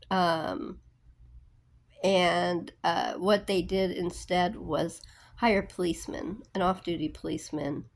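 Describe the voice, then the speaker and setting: Woman, casual vlog storyteller, unhurried and rambling, full of fillers. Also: on the low side, gravelly. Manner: rambling, many fillers and restarts. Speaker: book vlogger.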